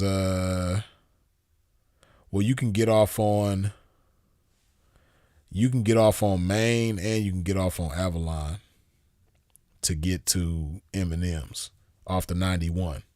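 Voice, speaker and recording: Laid-back low-voiced man telling stories. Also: fairly even intonation, unhurried, long pauses, a little mellow, dry recording, clean studio sound. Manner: laid-back, rambling, laughs easily, slangy. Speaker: show host. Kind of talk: casual storytelling chat with viewers.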